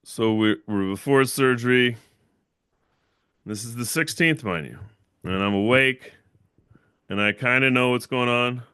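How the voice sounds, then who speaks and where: Bright, crisp-voiced man telling a story. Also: mid-range voice, unhurried, long pauses, dry recording, clean studio sound. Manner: rambling, repeats himself, fillers like "right?". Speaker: channel owner and livestream host. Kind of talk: casual livestream storytelling.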